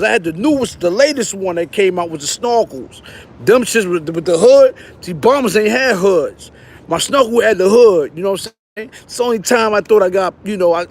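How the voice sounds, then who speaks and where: A middle-aged man from Brownsville with a New York accent, telling a story in casual, animated street slang. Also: high-pitched, a little fast. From Brownsville, Brooklyn. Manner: animated, slangy, acts out quotes with raised voice.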